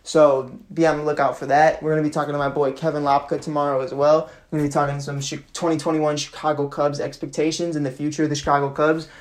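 A man's voice: fairly high pitch, flat delivery, fast, hardly any pauses. A young man around twenty hosting his own sports podcast, rambling and ranting with many fillers and restarts. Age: about 20. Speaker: podcast host. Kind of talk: solo sports podcast commentary.

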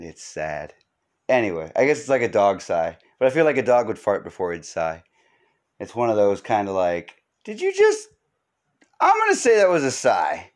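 A man's voice: fairly low pitch, a little mellow. A man hosting his own podcast, rambling through a comic monologue in a joking, self-mocking, sarcastic way. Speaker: podcast host.

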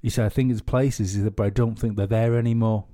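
A man's voice: on the low side, fairly even intonation, quick pace, warm tone. A man co-hosting a podcast, telling a rambling story in casual chat, swearing freely and restarting his sentences. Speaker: podcast co-host.

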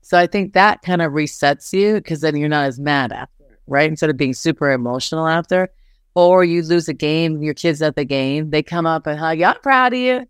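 Her deep, smooth, clear voice moves briskly as this middle-aged basketball head coach shares her story as an interview guest. She speaks candidly and animatedly, filling sentences with "like" and performing what others said. The recording is close and dry, with no room sound.

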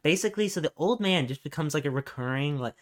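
A man's voice: a little high, animated, quick pace. A young man co-hosting a podcast, telling a long rambling story with lots of swearing. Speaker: podcast co-host. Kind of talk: casual chat.

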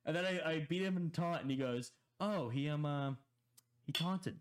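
A man's voice: a little high, brisk. Rambling young man telling a story. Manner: rambling, repeats words, laughs a lot. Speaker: podcast co-host. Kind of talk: casual chat, storytelling.

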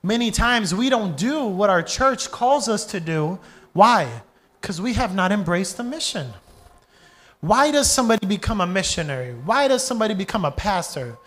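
Lively high-voiced young man preaching. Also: normal speed. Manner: animated storytelling preacher, asks the crowd questions. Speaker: pastor. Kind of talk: sermon.

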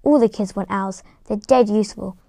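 A woman voicing a big, hearty adult male groundskeeper, loud, blunt and chatty, in a storybook reading with voices. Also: mid-range voice, moderate pace, gravelly, no room sound. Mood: cheerful.

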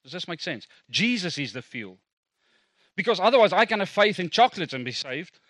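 A man's voice: high voice, big pitch swings, brisk, a bit bright, dry recording. A middle-aged South African man, a native Afrikaans speaker, preaching a sermon as a pastor in a conversational, self-deprecating way with asides to the congregation.

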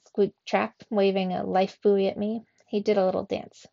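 A woman reading a children's storybook aloud in a slow, expressive way, as a teacher for young students. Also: mid-range voice, gravelly. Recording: dull, dry recording.

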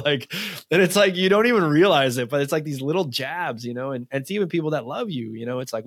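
Talking fast in a medium pitch, this male men's coach tells lively stories on a laid-back podcast, full of "like" and voices he acts out. The studio sound is clean with no room sound.

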